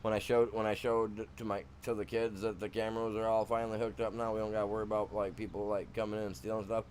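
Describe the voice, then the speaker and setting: A man's voice: fairly low pitch, little pitch movement, quick pace, a little mellow, a little hiss or hum. A man from Michigan with a Michigan accent, chatting casually while streaming a game, rambling and slangy. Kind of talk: casual gameplay chat.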